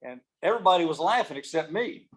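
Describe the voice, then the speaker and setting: A man's voice: fairly high pitch, animated, fast talker, breathy edge. A man gives a humorous motivational keynote speech, joking in a folksy, self-deprecating way. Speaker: keynote speaker.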